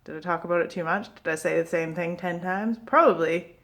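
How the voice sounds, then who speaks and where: A woman with a Pacific Northwest American accent, ranting casually to camera as a vlogger, chatty and animated, sometimes trailing off quietly. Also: on the low side, a little fast.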